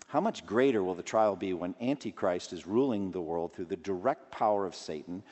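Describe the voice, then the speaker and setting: A man's voice: brisk, few pauses, a little mellow. Earnest male preacher in a reverberant hall. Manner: earnest, rising in pitch and force when stressing a point. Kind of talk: sermon.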